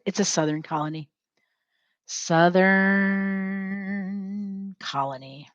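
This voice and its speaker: Lively woman teacher dictating class notes. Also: fairly low pitch, unhurried, lo-fi sound. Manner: repeats phrases for students to echo, spells words aloud; lively, talks to herself while working.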